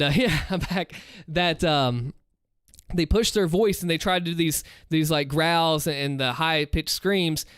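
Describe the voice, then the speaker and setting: A man's voice: fairly high pitch, fairly bright tone, clean tone, dry recording, studio quality. Earnest man chatting on a live stream. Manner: earnest, rambling, lots of restarts, advice-giving. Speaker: streamer answering viewer questions. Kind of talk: casual live-stream chat. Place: home room, seated in a chair. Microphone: desk microphone.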